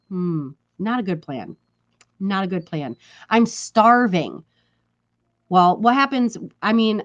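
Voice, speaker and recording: A woman vlogging casually to her viewers, her voice sitting a little high. She is chatty and emphatic, repeats her points for effect and laughs between them. The recording is somewhat dull and lo-fi. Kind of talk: casual talk to camera.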